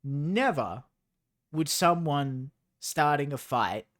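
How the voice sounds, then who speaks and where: A streamer reading a novel aloud has a fairly high, fairly bright voice with lively intonation and a slow pace. He keeps breaking off from the text for sarcastic, rambling asides.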